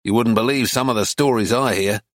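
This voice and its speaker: A man's voice: mid-range voice, brisk, dry recording, natural voice. Man doing a petulant outback policeman, thin voice, touchy and eager, storybook reading, dry close sound.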